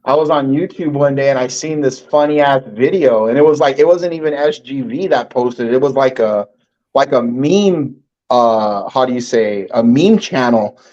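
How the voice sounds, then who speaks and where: A man's voice: medium pitch, moderate pace, darkish tone, highs cut off. A man guesting on a livestream, telling a story in a rambling, casual way full of "like" and "you know". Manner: rambling, filler-heavy, acts out quotes.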